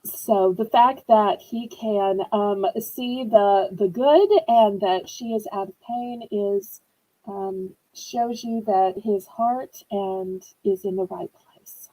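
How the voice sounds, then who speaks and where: A woman's voice: mid-range voice, dark tone, low-quality recording. A woman from New Orleans, chatting with viewers while selling items in a live-stream auction. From New Orleans, USA. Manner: slow, sympathetic, chatty with viewers.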